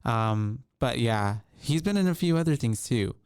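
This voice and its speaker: Rambling male podcast host, smooth dry voice. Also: mid-range voice, expressive, unhurried, a little mellow, dry recording. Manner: rambling, many ums and restarts. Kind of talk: casual chat.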